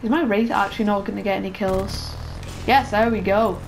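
A man giving excitable, chatty commentary over his own gameplay for viewers. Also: high-pitched, fairly quick, creaky, background noise. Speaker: gaming video creator. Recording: game sounds loud under voice. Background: gunfire and game announcer.

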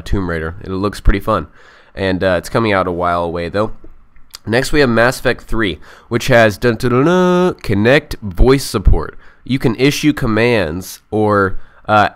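A man's voice: on the low side, a bit bright, clean tone. A young man giving a casual, enthusiastic and rambling recap of game news, often unsure of the details. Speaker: gaming vlogger.

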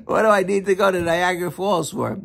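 A man's voice: high-pitched, brisk, creaky. A man voicing an unimpressed male tourist who scoffs and mocks the sight in front of him. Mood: scoffing. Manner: mocking, dismissive.

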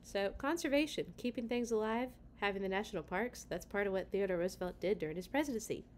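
A woman hosting a read-aloud storytime, chatting with children between the pages in an animated way. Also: mid-range voice, fast talker, slight background noise.

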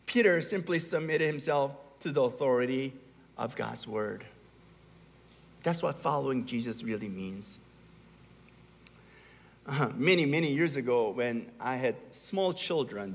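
Man, middle-aged, pastor, storytelling sermon, emphatic peaks, slightly high voice, long church reverb. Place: large church hall.

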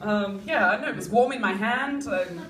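A young Australian woman rambles through a stand-up set, her voice a touch high and full of "like" and "um". The mic picks her up from a distance in an echoey club, with noticeable noise around her. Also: lively intonation, a little fast. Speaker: stand-up comedian. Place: comedy club. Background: audience room noise.

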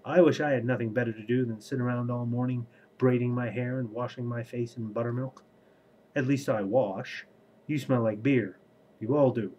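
A man's voice: mid-range voice, fairly even intonation, normal speed, highs cut off, close to an everyday voice. A man reading as a sulky younger brother. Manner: sulky, complaining.

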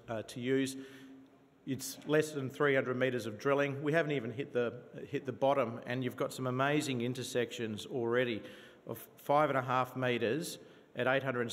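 A man with a New Zealand accent giving an enthusiastic investor conference presentation, with many fillers and restarts. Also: medium pitch. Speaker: company presenter. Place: conference venue. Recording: reverberant conference hall.

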